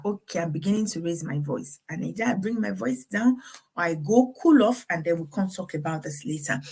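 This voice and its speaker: Husky and medium in pitch, this middle-aged parenting speaker talks earnestly about raising children through faith, often laughing as she advises.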